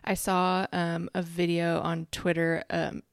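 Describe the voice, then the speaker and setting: A woman co-hosting a podcast, chatting casually in a relaxed, laid-back way about reality TV. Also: fairly low pitch, a little slow, gravelly, clean tone, no echo, studio quality. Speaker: podcast co-host. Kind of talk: casual recap chat.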